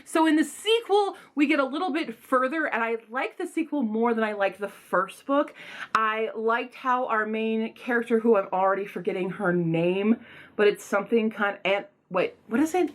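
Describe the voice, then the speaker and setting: Excitable young woman reviewing books. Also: fairly high pitch, normal speed. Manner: excitable, rambling, gushing with loud outbursts. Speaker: book reviewer. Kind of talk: casual vlog book reviews.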